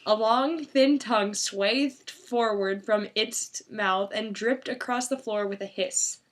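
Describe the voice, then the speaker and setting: A woman's voice: medium pitch, slow. A woman reading bad fan fiction aloud for laughs, with sarcastic asides. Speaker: fanfiction reader. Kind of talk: mocking dramatic reading.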